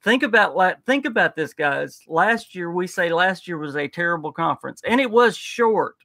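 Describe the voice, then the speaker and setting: On a live reaction stream, a male co-host chats casually, eager and rambling, and often restarts his sentences. His slightly high voice has a gravelly, fry-laden edge and sounds pushed and bright, with lively intonation at a normal speed. The recording is dry and close, with no room echo.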